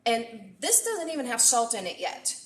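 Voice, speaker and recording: A woman's voice: a little high, very animated, normal speed, a little hiss or hum. A middle-aged woman chef talking through a live-streamed cooking session, chatty and talkative. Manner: talkative, chatty, thanks viewers often. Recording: echoey room.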